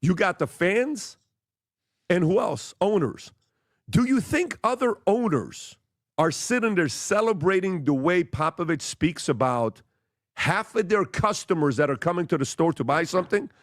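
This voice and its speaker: A man on a podcast delivers heated, challenging commentary with a fairly high voice that swings widely in pitch. His talk is full of rhetorical questions, and the sound is dry and close. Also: expressive, measured pace, no echo. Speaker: podcast host.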